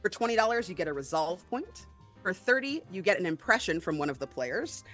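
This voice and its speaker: Chatty, excitable woman hosting a stream. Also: on the low side, fairly quick, soft background music. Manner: chatty, excitable, many ums. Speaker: stream host. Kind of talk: charity stream introduction.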